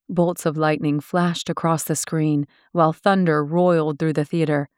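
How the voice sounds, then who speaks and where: A woman reading an audiobook in steady, descriptive scripted narration. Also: sits low, a little slow, no room sound, studio quality.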